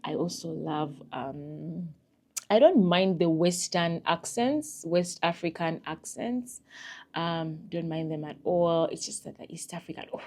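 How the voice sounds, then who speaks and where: A woman's voice: lowish voice, expressive, slow, fairly bright tone. A young woman, chatting frankly to camera in a casual life-update vlog, laughing often and swinging from murmurs to squeals. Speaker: vlogger.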